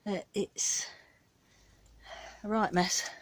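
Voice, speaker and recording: A woman's voice: medium pitch, flat delivery, extremely slow, dry recording. A British woman chatting casually in her garden as she films herself on a handheld phone, talking in a rambling, down-to-earth way. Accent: British English. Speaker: gardening vlogger. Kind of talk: casual chat. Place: outdoor back garden.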